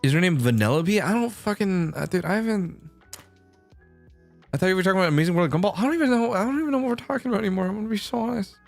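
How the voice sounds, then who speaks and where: A man's voice: sits high, lively intonation, very fast, gravelly, soft background music. A young man streaming casual chat, rambling and swearing a lot, laughing often.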